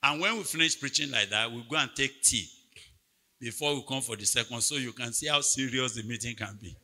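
A man preaching a sermon at a retreat, telling a story with big swings between quiet asides and loud, near-shouted peaks. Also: medium pitch, fairly quick. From Nigeria. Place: large hall at a retreat. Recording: long hall reverb from a church PA.

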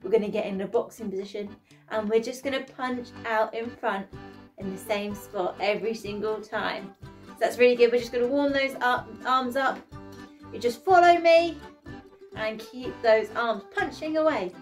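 A woman's voice: on the high side, normal speed. A young woman leading a children's workout, upbeat and encouraging as she counts down the exercises. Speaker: workout instructor. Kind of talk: children's exercise class instruction. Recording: light background music.

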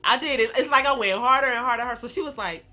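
Brief: young woman vlogger, slangy and animated, talks to viewers directly, bright voice. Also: a little high, rapid-fire, faint music behind. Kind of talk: storytime vlog.

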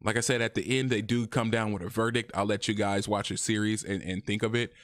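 A man talking casually in a review vlog, chatty and animated, his voice jumping higher when he quotes people. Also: fairly quick, no echo, studio quality. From Arizona, USA. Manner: chatty, animated, often rises in pitch when quoting. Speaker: YouTube reviewer.

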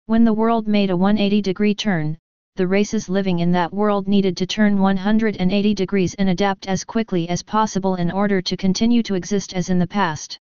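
A woman reads a web novel aloud in a steady, even narration. Her voice is exceptionally smooth and clear. The recording is dry and a little dull in the highs. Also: brisk, no echo. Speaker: audiobook narrator. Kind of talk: scripted narration.

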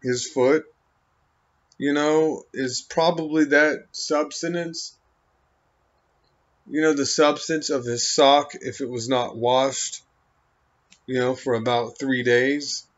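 Man, unhurried, drifting monologue thick with fillers; mid pitch; dull lo-fi sound. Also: steady tone. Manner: halting, meandering, full of "you know" and "um". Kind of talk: rambling stream-of-consciousness monologue. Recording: dull lo-fi recording.

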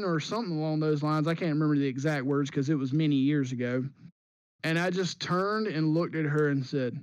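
A man hosting a podcast, telling a school story in an animated, casual way and restarting his sentences as he goes. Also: a little high, brisk, dry recording. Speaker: podcast host.

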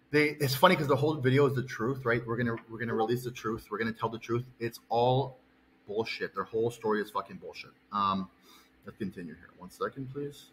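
A man's voice: medium pitch, slight background noise, rough recording. A male bodybuilding coach telling an angry personal story, heated, profane and rambling.

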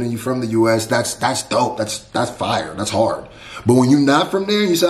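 A man's voice: fairly high pitch, expressive, fairly quick. Laid-back man reacting, echoey room. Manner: laid-back, repeats lines back and muses. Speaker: reaction video host. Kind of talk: casual reaction commentary.

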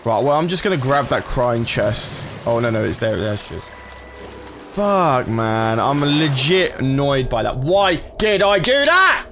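A man's voice: mid-range voice, animated, unhurried, slight background noise. A man commentating live as he plays, swearing and talking to his chat. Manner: swearing, frustrated, talks to chat. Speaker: gaming streamer.

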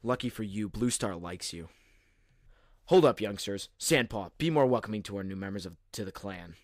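A man voicing a calm, firm senior male warrior cat who gives orders. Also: on the low side, normal speed, dry recording, studio quality, lightly acted.

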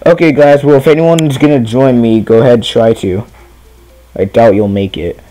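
Mellow young man streaming a kart race. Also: medium pitch, steady tone, moderate pace, soft background music. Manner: chatty, self-deprecating, talking to viewers while playing. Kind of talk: casual gameplay commentary.

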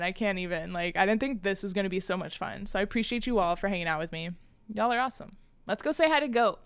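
Excitable high-voiced woman gamer. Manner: gasping, shrieking, swearing, then hushed whispers while hiding. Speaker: streamer. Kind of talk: excitable gaming stream commentary.

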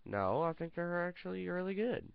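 A man's voice: sits high, big pitch swings, normal speed, creaky, smooth, no echo, voice pushed up, exaggerated voice. An insistent, impatient male character, put on by a man in a slightly raised voice. He sounds fed up with repeated questions and pushes back firmly. The recording is dull and lo-fi, with a dry sound. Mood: earnest. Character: Mister Jenkins, a defensive, impatient male character.

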